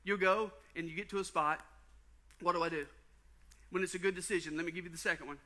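Bright-voiced pastor telling stories. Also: male voice, sits high, fast talker. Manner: storytelling, animated, folksy asides to the congregation. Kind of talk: sermon with personal story. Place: church sanctuary.

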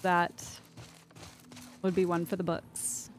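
A woman streaming a video game live, cursing at her companions and laughing, sometimes shouting in panic. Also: mid-range voice, expressive, measured pace, background noise. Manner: swearing, exasperated, laughing; shouts in panic at tense moments. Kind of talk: live gameplay commentary.

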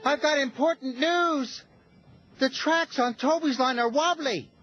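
A man's voice: measured pace, faint music behind. A man doing an eager, anxious little engine. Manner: high, pleading and excitable. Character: small eager young male engine, anxious. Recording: slightly dull TV audio.

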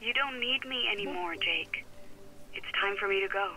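An actress playing a resigned young woman in a video game, speaking softly and detached through a radio. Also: medium pitch, normal speed, poor audio.

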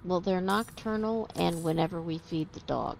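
Gravelly low-voiced woman gaming. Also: normal speed. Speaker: co-player on a stream. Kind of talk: casual gaming chat.

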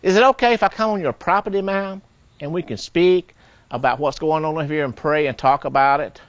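A man's voice: fairly high pitch, fairly quick, no room sound, natural voice. An actor playing a stern, formal pastor who scolds his son and speaks politely to strangers. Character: stern, formal small-town pastor and father. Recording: dry, dull film audio.

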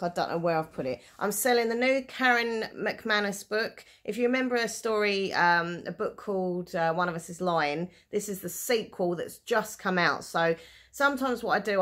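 A woman's voice: medium pitch, moderate pace, fairly bright tone. A woman chatting casually in a show-and-tell vlog, rambling and self-deprecating with frequent giggles. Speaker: vlogger selling items online.

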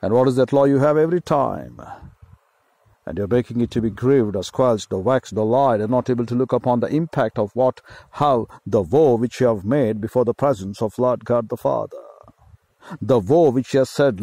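A man's voice: medium pitch, dark tone, no echo. Indian-accented man preaching, dry sound. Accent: Indian English. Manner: slow emphatic preaching with repeated phrases. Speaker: pastor. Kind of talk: sermon.

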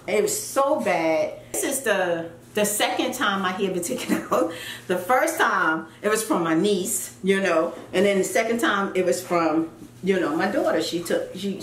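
A middle-aged woman chatting casually and telling a story, acting out voices with folksy asides. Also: a little high. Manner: animated storyteller who acts out voices, folksy asides like "child" and "y'all". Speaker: vlogger. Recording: echoey room with faint ambient noise.

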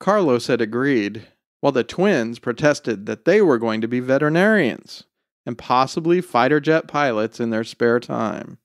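A man narrating a short story in a measured, expressive storytelling delivery. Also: mid-range voice, no echo, studio quality. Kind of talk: scripted narration.

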